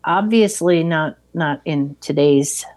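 A middle-aged woman in casual chat, calmly retelling a film and sharing memories of the past. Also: deep voice, takes it slowly.

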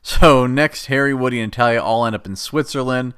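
A man's voice: mid-range voice, fairly quick, a bit bright, clean tone. A man casually recapping a film, rambling and exasperated and laughing at the plot. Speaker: show host recapping a film.

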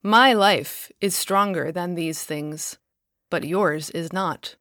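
A woman reading the Lord, calm and grave. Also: lowish voice, slow pace, no room sound, studio quality. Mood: solemn. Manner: steady, solemn, gentle authority. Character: the Lord, calm grave male divine figure. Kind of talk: storybook reading.

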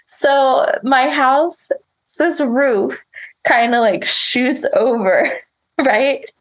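A woman's voice: sits high, drawn-out words, rough recording. A woman telling a story in casual chat, laughing often, swearing and rambling with lots of fillers.

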